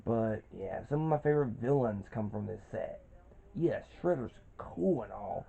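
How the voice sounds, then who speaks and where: Guy in his 20s, super dark mellow voice, rambly casual review, lots of restarts, kinda dull lo-fi sound. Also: on the low side, animated, moderate pace, vocal fry, breathy edge. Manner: rambling, with frequent restarts and fillers. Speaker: cartoon reviewer. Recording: dull lo-fi recording.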